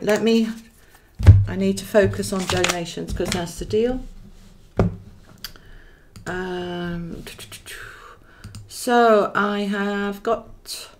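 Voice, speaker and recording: A woman from Wales with a fairly high voice hosts a chatty live tarot reading in her Welsh accent. She affectionately calls viewers darling and thinks aloud while drawing cards, over slight background noise.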